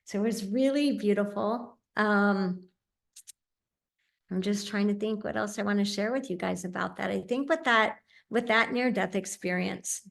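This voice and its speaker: An earnest woman shares a personal story in a heartfelt talk, her voice carrying a gravelly, creaky edge. She speaks sincerely and pauses now and then on small fillers. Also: mid-range voice. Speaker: medium and speaker.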